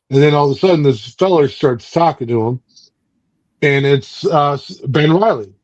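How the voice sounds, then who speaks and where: A man's voice: medium pitch, normal speed, a little mellow, no room sound, highs cut off. A man hosting a book club, casually recapping a comic book in a rambling way with lots of fillers. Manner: rambling, loose, many fillers.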